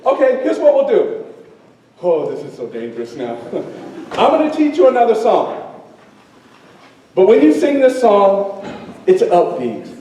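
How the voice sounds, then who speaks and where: A man storyteller leading a live audience, teaching call-and-response songs in a lively, playful way. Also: high voice, measured pace, pauses often, a little hiss or hum. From United States. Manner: animated, leads a crowd in call-and-response song. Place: high school auditorium with audience. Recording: very echoey hall, voice far off.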